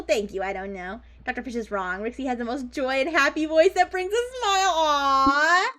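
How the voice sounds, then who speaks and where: Bubbly streamer lady, really high voice, giggles a lot, casual live stream chat. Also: big pitch swings, normal speed, bright, forceful tone. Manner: bubbly, giggly, chatting with viewers and a chatbot.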